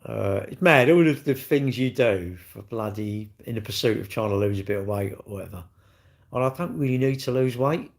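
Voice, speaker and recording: A man's voice: on the low side, normal speed, creaky. A middle-aged man hosting a casual livestream, cheekily bantering and reading viewer comments aloud before answering them. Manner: cheeky, blunt and jokey. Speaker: livestream host.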